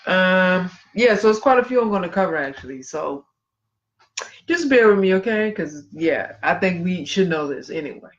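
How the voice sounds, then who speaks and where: A man's voice: sits high, animated, normal speed. A man co-hosting a casual podcast, reading history aloud and breaking off for chatty asides. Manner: conversational, reads passages then comments with asides. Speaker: podcast co-host. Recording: dull lo-fi livestream audio.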